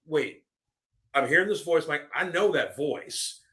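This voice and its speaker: A man's voice: on the high side, animated, measured pace, sharp tone. A man guesting on a casual movie chat, enthusiastic and rambling, with plenty of fillers. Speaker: podcast guest.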